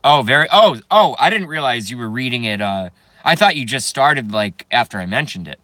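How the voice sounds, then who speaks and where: Male streamer, rambling profane rant to chat, nervous giggler, forceful bright voice, dry close sound. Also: mid-range voice, animated, a little fast, no echo. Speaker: YouTube streamer.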